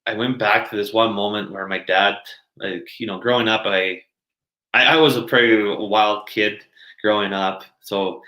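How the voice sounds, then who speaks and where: This podcast guest is a man whose low-leaning voice sounds bright and forceful. He tells stories in a casual way, full of laughter and filler words, and the room adds a noticeable echo.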